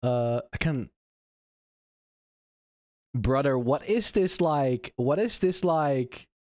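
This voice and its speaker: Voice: medium pitch, expressive, extremely slow, long pauses, dry recording, studio quality. A VTuber streamer chatting casually on a live stream, laughing a lot and swearing often. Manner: giggly, swears often, reacts out loud.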